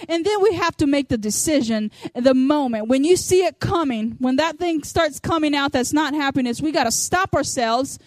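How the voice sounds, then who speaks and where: A woman's voice: high voice, lively intonation, moderate pace, few pauses, no echo. A woman giving a sermon to other women, chatty and storytelling, acting out little quotes. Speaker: women's ministry speaker.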